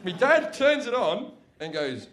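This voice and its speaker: High-voiced swearing comedian. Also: male voice, unhurried, very noisy. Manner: crude, swearing, animated storytelling. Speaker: stand-up comedian. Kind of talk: stand-up routine.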